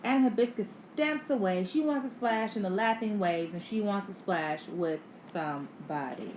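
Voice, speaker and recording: A woman reading a children's picture book aloud in an expressive, playful way. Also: mid-range voice, normal speed. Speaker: storybook reader. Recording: echoey room, faint background noise.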